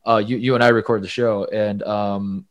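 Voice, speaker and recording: A man's voice: lowish voice, flat delivery, moderate pace. A man co-hosting a sports podcast in casual chat, rambling and poking fun at himself, with frequent stammers and restarts. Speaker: podcast co-host.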